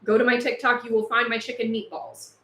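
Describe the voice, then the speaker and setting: A woman's voice: on the high side, level tone, a little fast, fairly bright tone, reverberant. A woman hosting a livestream, chatting casually and speaking out with passion, overheated in a house with no air conditioning. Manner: impassioned, chatty, laughs between points. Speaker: livestream host.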